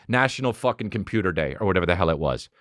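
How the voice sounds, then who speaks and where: Profane, animated man ranting on a podcast. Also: racing, no echo, clean studio sound. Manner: profane, animated, riffs into mocking high-pitched character voices. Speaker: podcast host. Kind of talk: solo comedic podcast rant.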